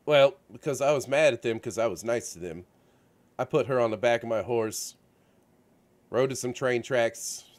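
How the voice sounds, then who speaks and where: In a radio-show studio, a male show host chats casually about video games, telling rambling, animated stories full of fillers and restarts. He speaks at normal speed in a mid-range voice.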